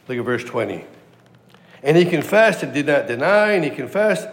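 A man's voice: fairly high pitch, very animated, moderate pace, reverberant, long reverb tail. A male preacher giving a conversational, emphatic verse-by-verse sermon. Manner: conversational and emphatic, acts out quotes. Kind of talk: sermon, verse-by-verse Bible teaching.

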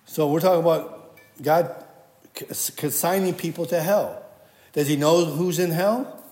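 A man's voice: a little high, unhurried, a little mellow. A man giving a conversational sermon, quoting scripture and often restarting his sentences. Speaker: preacher. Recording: echoey hall with long reverb.

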